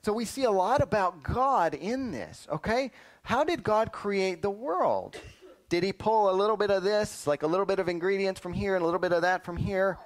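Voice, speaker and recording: A man teaching a lively Bible lesson to children, quizzing them and often calling "listen up" to get their attention. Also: high voice, normal speed. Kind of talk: animated Sunday school lesson.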